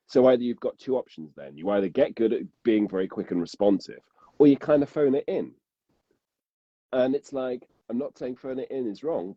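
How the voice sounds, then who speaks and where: Guy on a podcast, low husky voice, rambly, keeps restarting sentences, dull dry sound. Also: dark tone, no room sound. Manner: rambling, self-interrupting, laughs often. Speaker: podcast guest, audiobook narrator. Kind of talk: casual podcast chat.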